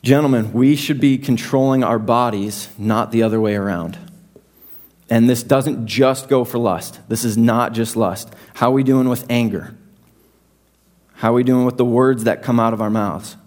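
A young adult man preaching a sermon to his congregation in a conversational, self-deprecating way with animated asides. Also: medium pitch, normal speed. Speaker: pastor.

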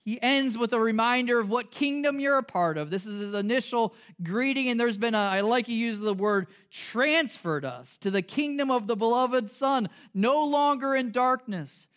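A man's voice: very high voice, moderate pace, few pauses, smooth. A man preaching a conversational sermon as pastor. He jokes, asks rhetorical questions, and restarts his sentences a lot. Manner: animated, joking, rhetorical questions; frequent fillers and restarts.

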